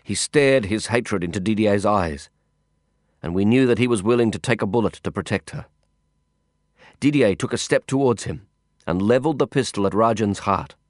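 A man giving scripted first-person audiobook narration in a measured, intense storytelling manner. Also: on the low side, no echo, studio quality.

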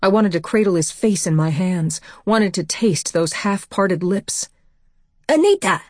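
Woman narrator, low voice, dry close mic, steady audiobook read. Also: unhurried, no echo. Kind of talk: first-person audiobook narration.

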